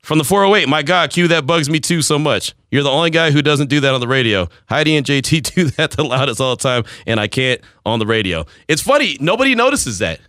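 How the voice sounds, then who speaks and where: A man's voice: a little high, expressive, fast talker, hardly any pauses, sharp tone, no echo, studio quality. A man hosting a radio show, telling a rambling story in casual banter and laughing at himself.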